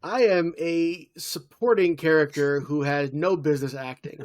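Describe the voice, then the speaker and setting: A man's voice: a little high, fairly even intonation, measured pace. A man in his thirties co-hosting a podcast, recapping a TV episode in casual chat and acting out quoted lines as he tells it. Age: 30s. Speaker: podcast co-host.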